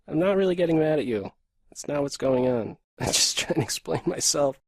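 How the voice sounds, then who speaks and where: A man's voice: a little high, brisk, gravelly, darkish tone, no echo, clean studio sound. A man in his thirties from Pennsylvania, USA, streaming live chess and muttering terse running commentary on his moves. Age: 30s. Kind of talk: live commentary while playing bullet chess.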